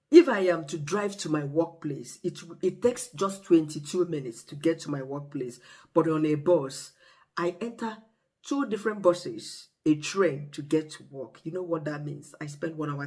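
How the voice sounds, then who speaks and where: A vlogger with a Nigerian accent talks straight to camera in a relaxed, chatty way. The delivery is expressive and animated, with vivid storytelling. The voice sits at a middling pitch. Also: slightly rough. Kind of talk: casual talk to camera.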